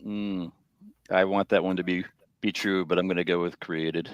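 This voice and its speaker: A man's voice: low voice, fairly even intonation, moderate pace, highs cut off. A man co-hosting a casual podcast on a headset microphone, mostly giving short agreeing replies and reading viewer comments aloud. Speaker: podcast co-host. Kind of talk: casual chat.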